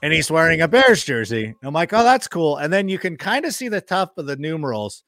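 A man as a guest football analyst in a casual sports chat, telling animated stories, acting out quoted remarks and swearing freely. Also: on the high side, brisk, dry recording, clean studio sound. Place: studio.

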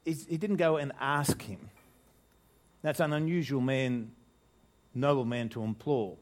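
A man's voice: medium pitch, fairly even intonation, unhurried. An older man preaching a conversational sermon to his congregation, restarting phrases and asking rhetorical questions. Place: church, speaking to a congregation.

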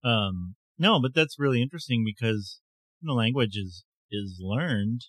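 A man's voice: mid-range voice, lively intonation, a little slow, a bit bright, slightly rough, dry recording. A man co-hosting a podcast in casual chat, cracking dry sarcastic jokes. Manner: joking, sarcastic asides. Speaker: podcast co-host.

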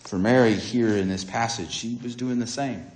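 A man delivering a sermon in the style of a dramatic storyteller. His voice sits at a middle pitch, rising and falling as he acts out the voices of the story. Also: moderate pace, a little mellow, echoey room. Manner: dramatic storytelling, acting out dialogue with swings in pitch and volume. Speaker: preacher.

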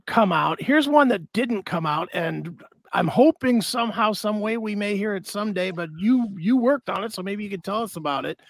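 Male co-host, high gravelly voice, lively swooping pitch, chatty questions. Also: moderate pace. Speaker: podcast co-host. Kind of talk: casual interview questions.

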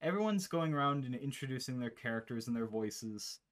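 A young man, the host and game master, chatting casually over an online call as a rambling, animated storyteller. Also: mid-range voice, fairly quick. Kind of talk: casual chat, recapping a campaign.

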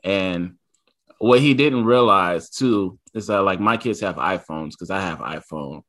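A man's voice: low voice, unhurried, fairly bright tone. A man in his thirties, a podcast co-host, telling a family story in casual chat and acting out his son's lines.

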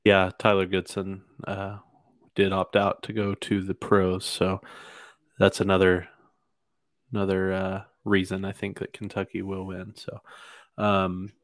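Male podcast host, low steady voice, dry close sound, casual picks talk full of "um"s. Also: unhurried, dry recording. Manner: hesitant, lots of fillers and restarts. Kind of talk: casual sports podcast chat.

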